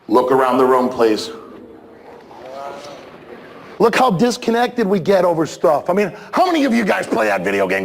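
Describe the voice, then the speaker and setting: A man giving an animated, playful talk at a school assembly, shouting for emphasis and slipping into comic impressions. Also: high-pitched, brisk, vocal fry, few pauses, a little hiss or hum. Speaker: motivational speaker at a school assembly. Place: large school gym with students. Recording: reverberant hall with crowd murmur.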